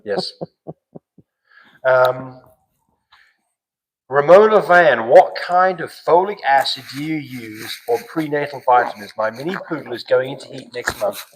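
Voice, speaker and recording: A man's voice: medium pitch, measured pace, pauses often, rough recording. Easygoing man hosting a live show. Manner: relaxed, advisory, answers viewer questions. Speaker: dog breeding show host. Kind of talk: casual live-stream chat.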